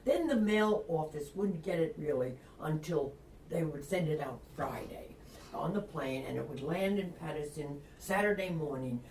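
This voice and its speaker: A woman's voice: low-pitched, animated, moderate pace, darkish tone. An older woman from Long Island with a Long Island accent, an author telling a story in an interview, acting out quotes and laughing often. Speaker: author guest. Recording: echoey room, distant mic, faint noise.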